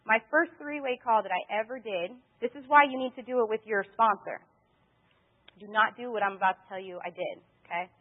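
Woman, sales training talk, rapid delivery, tinny phone audio. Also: fairly high pitch. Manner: animated storyteller, acts out her own dialogue. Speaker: network marketing trainer.

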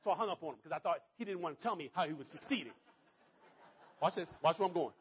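A man giving a motivational speech to an audience, telling a story in an animated, conversational way. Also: fairly high pitch, fast, dull audio, slight background noise. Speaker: motivational speaker.

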